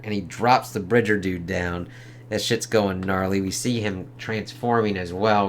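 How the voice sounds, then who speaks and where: A man casually reviewing a comic book in a profane, rambling, excitable way. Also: fairly low pitch, a little hiss or hum.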